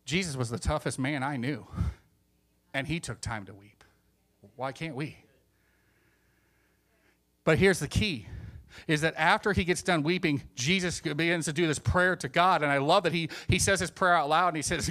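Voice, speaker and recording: Preaching with animation, this man has a fairly high voice and speaks at normal speed with long pauses. He sinks into hushed tones before building to emphatic points, and he performs the voices of the people he quotes.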